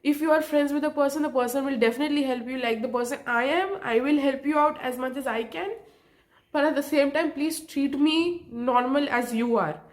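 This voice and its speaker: A woman's voice: high voice, brisk. Emotional young woman vlogger, apologetic. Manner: emotional, apologetic, with nervous laughs. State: emotional, close to tears. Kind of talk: emotional personal vlog.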